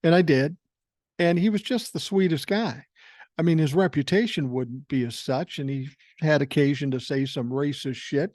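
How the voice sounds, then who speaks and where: A man's voice: fairly high pitch, moderate pace, a little mellow, no echo, studio quality. A man in his sixties from Minnesota, hosting a podcast and telling rambling, profane stories in a casual way. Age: 60s. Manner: profane, rambling anecdotal delivery. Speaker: podcast host. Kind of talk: casual storytelling.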